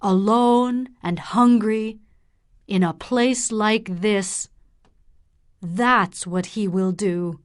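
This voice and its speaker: A stern middle-aged father and doctor, read by a woman. He speaks gravely, at an extremely slow, deliberate pace, as if every word is a warning. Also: mid-range voice, fairly even intonation.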